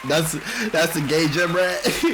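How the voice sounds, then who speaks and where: Man, reaction streamer, casual slang, lively pitch, faint background noise. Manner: laid-back, profane slang, laughs often.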